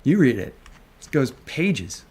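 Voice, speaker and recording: A man's voice: mid-range voice, sing-song, takes it slowly, darkish tone, husky. A man ranting on a live stream, angry and sarcastic, swearing and taunting with rhetorical questions. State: agitated. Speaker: stock market commentator.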